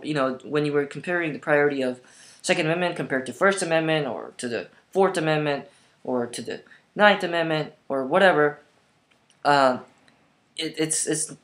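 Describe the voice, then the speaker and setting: A man's voice: a little high, a bit bright. A young man talking into a laptop camera in a casual opinion monologue, hesitant and full of ums and restarts. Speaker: vlogger. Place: at home in front of a laptop. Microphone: laptop camera mic.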